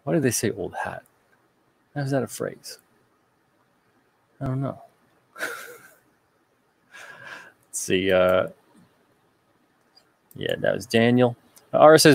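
A man's voice: medium pitch, lively intonation, slow pace, gravelly, long pauses, dry recording. A man from the United States hosting a casual livestream, reading out viewer comments and answering them with rambling, joking asides.

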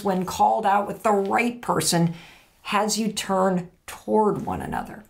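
A woman's voice: medium pitch, creaky. A middle-aged woman hosting a direct-to-camera advice talk, blunt and emphatic, casual and not above swearing. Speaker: host.

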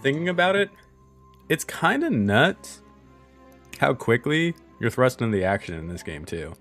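Man, streamer, casual joking gameplay chat, mid pitch, faint game music. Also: very animated, normal speed, a bit bright. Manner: chatty, joking asides to viewers. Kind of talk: casual live gameplay commentary.

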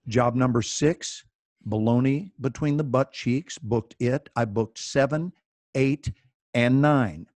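A middle-aged man tells a story with playful, theatrical relish, his voice sitting at an ordinary pitch. The sound is dry and close, picked up over a video call. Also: takes it slowly, darkish tone, dry recording. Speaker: actor and guest speaker.

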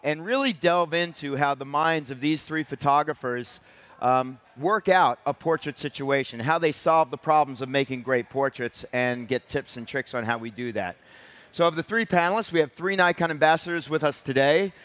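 A man's voice: a little high, moderate pace, a bit bright. A man moderating a stage panel, giving friendly, somewhat rambling introductions and questions. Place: event stage before a crowd.

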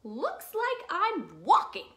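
A woman voicing a grumpy male bird in a children's storybook reading, snapping loudly and sounding exasperated. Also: very high-pitched, wildly swooping pitch, slow pace, roomy sound, pitched above the performer's own voice, exaggerated voice.

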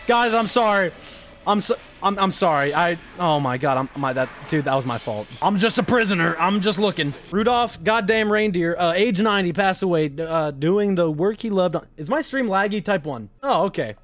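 A young man giving jokey, profane live commentary while playing a horror game, yelping and shouting when startled. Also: sits high, animated, moderate pace.

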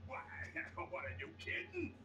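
A man voicing a boastful, touchy gangster boss creature in a video game, talking in gruff tough-guy bluster. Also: slow pace, bright, forceful tone, slight background noise.

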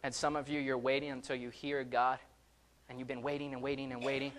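A young man preaching a fervent sermon, rising loud on calls and dropping soft between them. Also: mid-range voice, little pitch movement, fairly quick, background noise.

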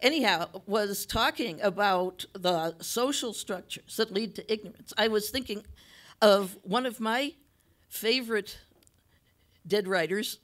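A woman moderates a panel forum, offering conversational, thoughtful discussion remarks with light laughter. Her voice is mid-range and a bit bright.

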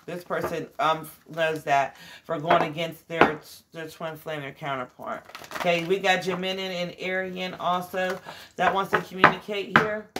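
Tired, raspy woman reading tarot. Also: on the low side, fairly even intonation, moderate pace, heavy background noise. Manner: loose and slangy, calls the listeners guys, honey and child. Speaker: tarot reader.

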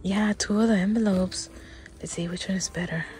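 A middle-aged woman filming a casual shopping vlog inside a large department store, chatting, often dropping to a whisper and gasping with excitement. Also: mid-range voice, moderate pace, soft background music. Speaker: vlogger.

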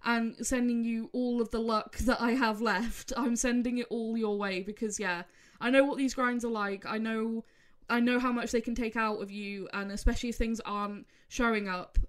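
A woman gaming creator, emotional and rambling, speaking haltingly and repeating herself. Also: a little high. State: emotional, close to tears. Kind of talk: emotional video outro.

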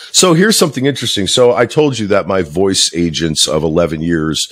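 A man's voice: deep voice, normal speed, fairly bright tone, breathy edge. A man, a voice actor co-hosting a podcast, chatting casually, bluntly and jokingly, swearing freely.

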